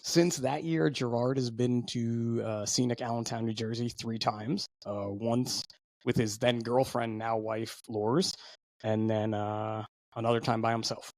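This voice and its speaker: A man's voice: mid-range voice, little pitch movement, measured pace, darkish tone, no room sound. Rambling storytelling podcast co-host man. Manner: rambling storyteller, lots of fillers and restarts. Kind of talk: casual podcast chat.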